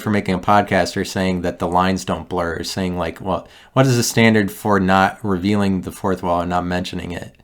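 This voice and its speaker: A man hosting a solo podcast, talking in a meandering, halting way with many restarts and a wry, self-mocking streak. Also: deep voice, steady tone. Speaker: podcast host. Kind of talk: rambling solo podcast monologue.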